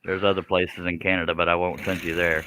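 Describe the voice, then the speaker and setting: A man's voice: low-pitched, flat delivery, fast, background noise. A man hosting a live stream, chatting casually with guests, joking and laughing often.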